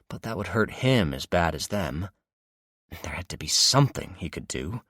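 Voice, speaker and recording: A man narrating an audiobook in steady, dramatic storytelling. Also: low voice, no room sound, clean studio sound. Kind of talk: scripted narration.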